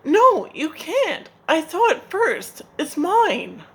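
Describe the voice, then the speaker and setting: A woman voicing a sly male spider trickster who cries and shrieks in high, wailing pleas. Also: huge pitch swings, takes it slowly, a bit bright, a little hiss or hum, exaggerated voice, rough recording. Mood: greedy.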